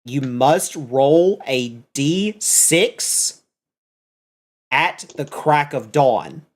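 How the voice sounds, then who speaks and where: A man's voice: medium pitch, lively intonation, very slow. A man running a tabletop game as dungeon master, explaining item rules at length and correcting himself as he goes.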